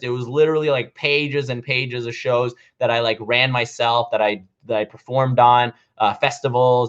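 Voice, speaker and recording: A man in his thirties, a comedian, chatting casually to camera in a rambling way, with lots of fillers and restarts, in a dull lo-fi recording. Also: medium pitch. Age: 30s. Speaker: vlogger and comedian.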